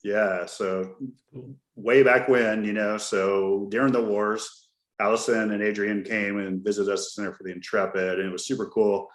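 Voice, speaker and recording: A middle-aged man hosts a podcast in a casual, jokey storytelling way. His voice sits somewhat low. The sound carries a roomy echo around it. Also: flat delivery, normal speed. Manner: chatty storyteller, jokey and loose. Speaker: podcast host. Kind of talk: casual chat.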